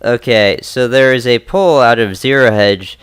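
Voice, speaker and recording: A man's voice: mid-range voice, a little slow, a bit bright, smooth, no room sound. A man co-hosting a political talk podcast, speaking casually and often saying "you know". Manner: conversational, leans on "you know". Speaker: podcast co-host.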